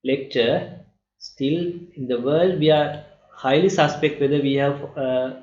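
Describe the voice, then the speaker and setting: A man's voice: a little high, a little mellow. Sri man lecturing, often asking "right?". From Sri Lanka. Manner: explains slowly, often asks "right?". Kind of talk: recorded math lecture. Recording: lo-fi echoey room.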